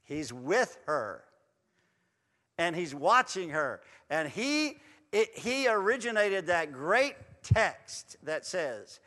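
A man preaching a folksy sermon in a church hall, animated and building to loud emphatic runs. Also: high voice, takes it slowly. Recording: long reverb in a hall.

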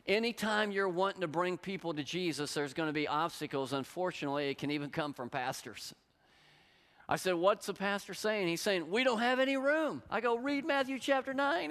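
A man's voice: a little high, clean tone. Man preaching in a reverberant church. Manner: storytelling, animated, acts out quotes. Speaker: pastor. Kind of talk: sermon. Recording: long hall reverb.

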